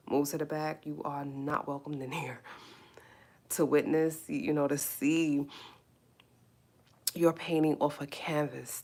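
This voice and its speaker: Low-voiced woman chatting emphatically. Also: darkish tone. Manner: repetitive, emphatic, emotional; drawn-out repeated phrases. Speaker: YouTuber and painter. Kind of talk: casual livestream chat.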